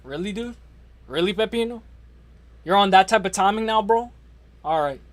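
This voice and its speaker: Slangy, high-voiced male livestream host. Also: animated, normal speed, slight background noise. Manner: slangy, rambling, shouts out chatters. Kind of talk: casual livestream chat.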